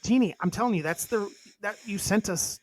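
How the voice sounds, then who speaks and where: A man's voice: high-pitched, brisk, a little mellow. A man co-hosting a podcast in casual chat, reading a list aloud and cracking crude jokes between items. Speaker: podcast co-host.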